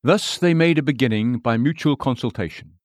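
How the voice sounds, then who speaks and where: A man reading a sermon aloud in a measured, earnest way, full of rhetorical questions. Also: medium pitch, no room sound. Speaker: preacher.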